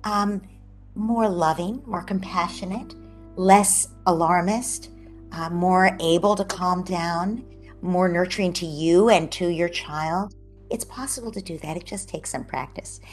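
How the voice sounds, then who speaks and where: A woman psychologist giving animated, explanatory interview answers over a video call, at times dropping into a soft near-whisper. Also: on the low side, a little slow, soft background music. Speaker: psychologist guest.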